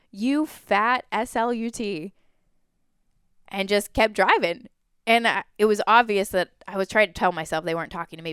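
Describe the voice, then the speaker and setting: Clear-voiced woman telling her story. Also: medium pitch, no room sound, studio quality. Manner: candid, animated, often acts out quoted voices. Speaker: podcast guest. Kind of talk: personal storytelling in conversation.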